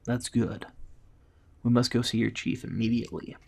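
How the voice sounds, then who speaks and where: A man's voice: mid-range voice, fairly even intonation, normal speed, vocal fry. A man doing a firm young warrior.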